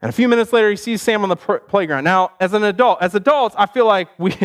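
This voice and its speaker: A male pastor telling a story in a sermon, animated and conversational with easy laughs. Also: high voice, fast talker.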